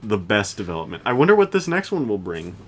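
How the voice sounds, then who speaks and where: A man's voice: lowish voice, big pitch swings, quick pace, slight background noise. A man co-hosting a podcast, chatting casually about anime in a rambling way with lots of restarts. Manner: rambling, many restarts and fillers. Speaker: podcast co-host.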